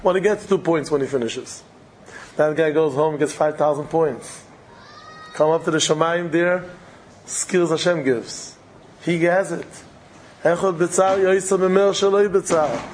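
A man's voice: on the high side, a little slow, long pauses, slight background noise, poor audio. A man delivering an impassioned storytelling sermon, repeating phrases for dramatic weight. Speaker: preacher.

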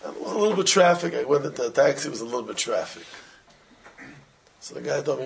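A man teaching an informal religious class, telling animated everyday stories in simple, broken English with Hebrew and Yiddish terms mixed in. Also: medium pitch, fast, creaky, long pauses. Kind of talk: informal Torah talk with stories.

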